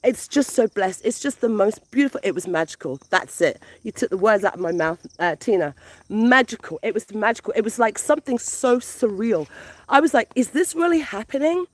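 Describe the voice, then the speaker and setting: A woman who grew up in the UK vlogging casually outdoors in a village, gushing and excitable, often repeating her words. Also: medium pitch, a little fast. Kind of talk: casual vlog narration.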